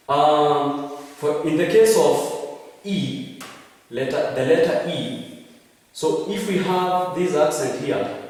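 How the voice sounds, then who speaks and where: A man gives a French lesson at a slow, patient pace, repeating each word and correcting himself as he goes. He stands well back from the mic, and his voice rings with a long, hollow reverb. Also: on the high side, darkish tone. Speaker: French language teacher. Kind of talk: classroom lecture. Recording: echoey room, far from mic.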